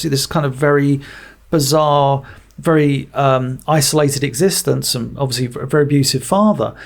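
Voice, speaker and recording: A man co-hosting a podcast, chatting casually about a film and retelling its scenes in an animated, rambling way full of restarts and fillers. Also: on the high side, normal speed. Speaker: podcast co-host. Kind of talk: casual film review chat.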